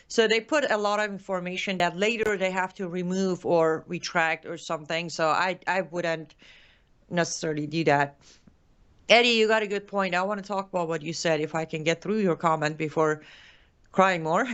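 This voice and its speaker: A woman's voice: mid-range voice, fairly bright tone, clear, resonant tone. An Iranian-accented woman hosts a live commentary show. She speaks with heated conviction and raw emotion, often tripping over her words and starting again as she reads viewer comments. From Iran. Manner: impassioned, emotional, rapid restarts. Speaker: show host.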